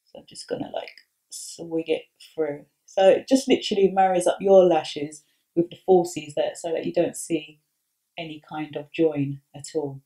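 A woman's voice: low-pitched, fairly even intonation, normal speed, warm tone. A woman makeup artist talking through a tutorial step by step in a chatty, upbeat way.

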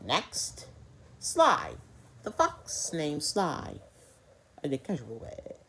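A woman improvising a children's story with stuffed animals, hesitant, with fillers and slips, and a very lively pitch. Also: drawn-out words, slight background noise.

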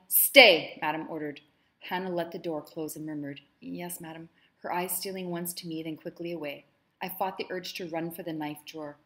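A woman teacher reading a novel aloud to her students, adding her own commentary between passages. Her voice sits on the low side and stays measured and expressive.

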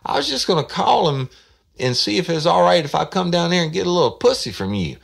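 A man's voice: a little high, big pitch swings, brisk, vocal fry, slightly rough, voice pushed up, exaggerated voice. A man voicing a crude, pushy man making a prank phone call. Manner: rude, pushy.

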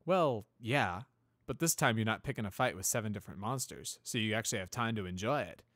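A man's voice: fairly low pitch, lively intonation, fairly quick, fairly bright tone, no echo, studio quality, pitched above the performer's own voice. A man voicing a cheerful, eager young male pegasus navigator in a fan storybook reading. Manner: upbeat, eager, talkative.

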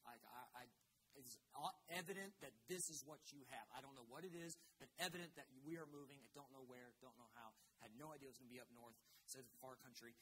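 A man's voice: fairly high pitch, fairly bright tone, slight background noise, rough recording. A young man from Florida preaching a sermon in church, telling a family story with many restarts and then urging his listeners on with growing fervor. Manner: earnest, repetitive restarts, rising to fervent exhortation. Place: church sanctuary.

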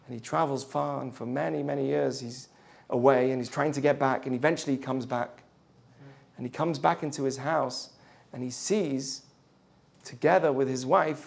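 A man's voice: a little high, creaky. A man teaching a Torah class to students, telling stories and asking the class questions as he goes. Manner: storytelling, asks the class questions, drops to a soft voice for drama.

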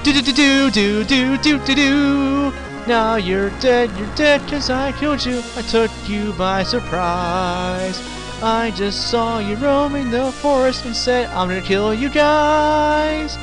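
A man doing a goofy high-pitched impression. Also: slow, music in the background, low-quality recording. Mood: gleeful. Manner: high, stretched-out, goofy delivery. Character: impression of an internet video reviewer, man, excitable.

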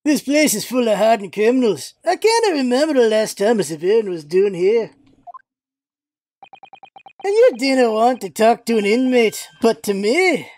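A woman doing a gruff Scottish prison governor. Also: fairly high pitch, big pitch swings, moderate pace, darkish tone. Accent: Scottish, put on. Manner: brusque, threatening.

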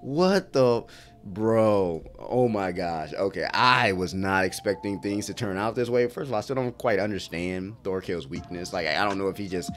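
A man casually reacting to an anime episode as he watches. He is excitable and profane, laughs often and talks back at the screen. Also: on the low side, moderate pace, faint music behind.

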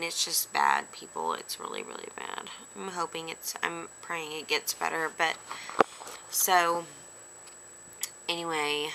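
A woman's voice: low-pitched, creaky, pushed and bright, slight background noise, low-quality recording. A woman recording a personal video diary at home, teary and rambling with lots of fillers, speaking straight to her camera. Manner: tearful, rambling with many fillers. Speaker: daily video diarist. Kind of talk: emotional personal vlog.

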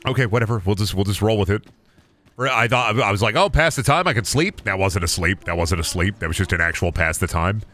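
A man's voice: deep voice, steady tone, fast talker, fairly bright tone. A man streaming a video game and commenting live, talking in a profane, repetitive, often exasperated mutter.

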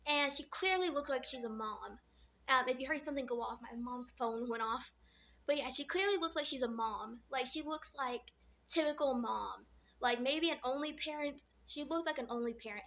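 A woman's voice: high voice, pushed and bright. A woman vlogger casually retelling a dream, rambling and filling her talk with "like". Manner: rambling, full of "like" fillers.

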